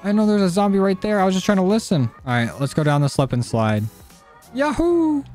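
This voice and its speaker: A young man giving casual, jokey gameplay commentary, cursing and getting excited as he plays. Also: high-pitched, quick pace, faint music behind. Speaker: gaming YouTuber. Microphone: desk mic.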